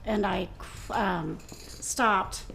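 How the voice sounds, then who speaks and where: A woman's voice: mid-range voice, drawn-out words, creaky, a bit bright. Reflective, hesitant woman podcast guest. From Ohio, USA. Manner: reflective, hesitant with many fillers. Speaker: guest musician and gymnastics coach. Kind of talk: casual interview chat.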